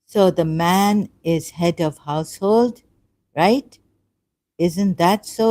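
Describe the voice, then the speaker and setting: A woman hosts a livestream, her voice somewhat low and mellow. She talks haltingly, with fillers and quick apologies, then presses her argument with pointed rhetorical questions. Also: lively intonation. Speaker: livestream host. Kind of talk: casual live-stream talk on religion.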